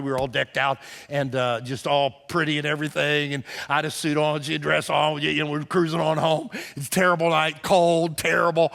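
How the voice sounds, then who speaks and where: A man pastor preaches a sermon, his fairly high voice climbing to near shouts at the big moments of a story. His words ring out with a long reverb from a church auditorium. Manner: animated storytelling, rising to near shouts at emphasis.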